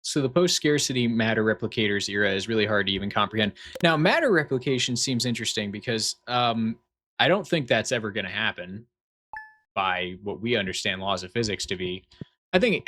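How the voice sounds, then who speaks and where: Bright-voiced rambling male game streamer. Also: lowish voice. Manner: rambling, digressive, reads chat aloud. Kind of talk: casual live-stream chat while gaming. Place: at home.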